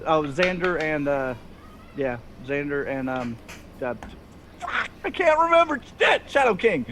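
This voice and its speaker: A man's voice: fairly high pitch, sing-song, a little slow, noisy background. A man narrating as game master of a tabletop game, loose and chuckling, full of fillers.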